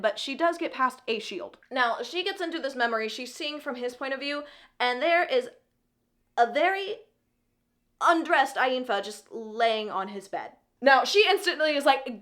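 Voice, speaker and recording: A woman's voice: on the high side, a bit bright. Chatty woman with sarcastic asides. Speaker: book vlogger. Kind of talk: unscripted book recap.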